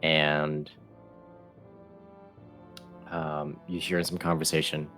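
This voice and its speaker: A man's voice: rumbling low, flat delivery, very slow, bright, forceful tone, soft background music. A man narrating a tabletop game as game master, hesitant, with many ums and restarts.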